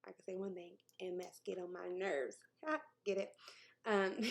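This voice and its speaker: A woman's voice: fairly low pitch, fairly even intonation, a little slow, vocal fry. A woman, talking candidly and emotionally to camera in a personal vlog, sometimes dropping to a near-whisper and laughing between thoughts. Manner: laughs between thoughts, jokes about her news. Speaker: vlogger.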